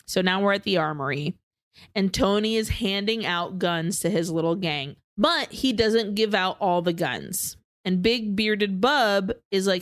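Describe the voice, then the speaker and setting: A woman co-hosting a podcast, casually recapping a film plot as an animated storyteller who swears freely. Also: mid-range voice, measured pace, no room sound, studio quality. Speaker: podcast co-host.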